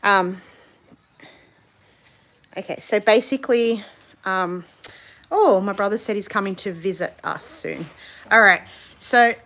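A woman's voice: mid-range voice, takes it slowly, pauses often, a bit bright. A woman hosting a family live stream, chatting casually and reading out viewer comments. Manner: chatty, reads viewer comments, laughs easily. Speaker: vlog host.

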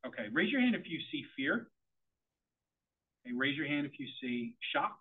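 Animated middle-aged man, tinny phone-like sound. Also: fairly high pitch, moderate pace, gravelly, husky. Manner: animated, quizzes the audience. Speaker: presenter at a parent forum. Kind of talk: interactive presentation to parents.

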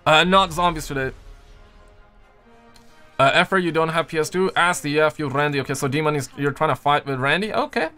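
A young man hosts a gaming livestream, his voice fairly high and bright, sometimes close to sharp. He riffs on viewer messages in a loose, jokey stream of slang. Faint music plays behind him. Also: brisk. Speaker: livestream host. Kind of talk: casual livestream chat reading viewer messages.

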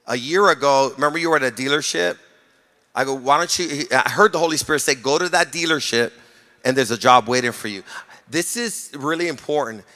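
A middle-aged male pastor preaching a sermon, telling stories with humor and calling on the congregation to respond. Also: fairly high pitch. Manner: storytelling, animated, jokes with the congregation. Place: church sanctuary. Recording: long reverb of a hall.

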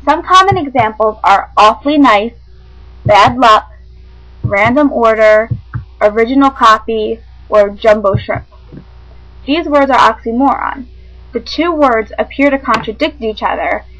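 A woman with a fairly high voice reads out a literature lesson. Her delivery is measured and clear, like a classroom explanation, and she stumbles over a word now and then. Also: a bit bright, poor audio. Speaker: teacher. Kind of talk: reading a lesson script aloud.

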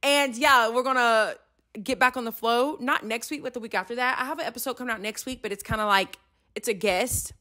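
A woman's voice: on the high side, a little fast, bright, forceful tone. A young woman, hosting a casual faith podcast and chatting in a scattered way, recorded on her phone microphone. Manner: chatty and scattered, says y'all a lot. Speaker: podcast host. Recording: phone mic with faint music behind.

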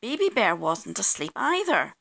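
A woman reading a children's picture book aloud, slow and expressive, acting out the sound effects. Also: medium pitch, vocal fry, a little hiss or hum. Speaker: children's story reader.

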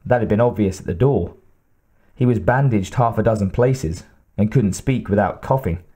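A man narrating an audiobook in a measured, steady reading. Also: fairly low pitch, breathy edge. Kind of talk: scripted narration.

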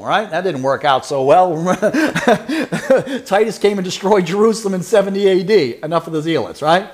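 A man's voice: high voice, lively intonation, moderate pace. A man preaching a sermon who asks his congregation questions and teases members by name. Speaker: pastor.

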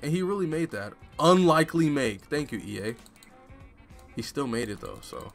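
A man's voice: a little high, animated, normal speed, soft background music. A man commentating a live game stream, joking and self-mocking in casual street slang. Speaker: gaming streamer.

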